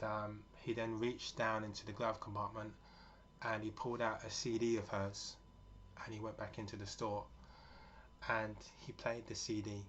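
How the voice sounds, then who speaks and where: A man's voice: on the low side, bright, forceful tone. A man in his forties giving a rambling, earnest, casual monologue with many fillers. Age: 40s. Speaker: vlogger. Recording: dull lo-fi with faint noise.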